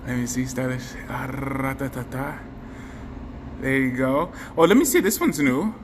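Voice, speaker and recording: A man's voice: mid-range voice, very animated, a little fast. A man hosting a casual live stream, chatting effusively and thanking viewers by name. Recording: faint background noise, long hall reverb.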